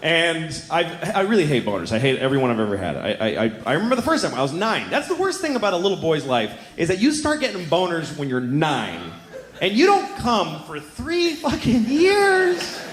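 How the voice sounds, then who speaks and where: Animated male stand-up comic, echoey club. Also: fast, hardly any pauses. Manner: crude, confessional storytelling with lively pitch swings. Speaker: stand-up comedian. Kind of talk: stand-up comedy set. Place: comedy club stage before a live audience. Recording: echoey live room with clear ambient noise.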